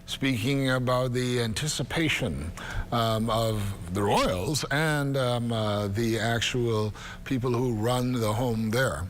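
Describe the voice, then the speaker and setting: A man anchoring the news from the studio, measured and leading into reports with a few fillers. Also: mid-range voice, slight background noise.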